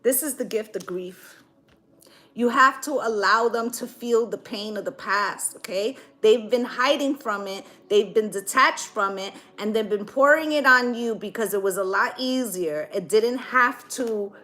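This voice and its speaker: A woman with a high voice talks through a tarot spread in a loose, casual way. She is blunt and profane, and she peppers her points with "right?" and "okay?". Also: unhurried, pushed and bright. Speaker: tarot reader. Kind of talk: casual tarot reading with commentary.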